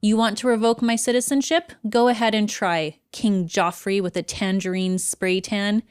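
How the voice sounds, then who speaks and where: A woman's voice: medium pitch, fairly even intonation, normal speed, clear, resonant tone, no room sound, clean studio sound, lightly acted. A woman doing a loose impression of a defiant, outspoken middle-aged woman celebrity, declaiming a fiery rebuttal. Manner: declaiming a defiant open letter.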